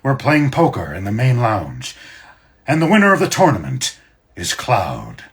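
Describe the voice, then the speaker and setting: A man voicing a commanding male ship captain, announcing loudly. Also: medium pitch, wildly swooping pitch, unhurried, slightly rough, voice pushed up, full character voice. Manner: loud, announcing delivery.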